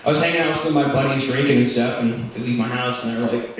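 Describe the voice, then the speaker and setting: A young man doing stand-up, telling stories with animated delivery and loud shouted impressions. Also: medium pitch, fast talker, hardly any pauses. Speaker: stand-up comedian. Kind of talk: stand-up storytelling. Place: comedy club stage. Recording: roomy club sound from a distance with crowd laughter. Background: audience laughing.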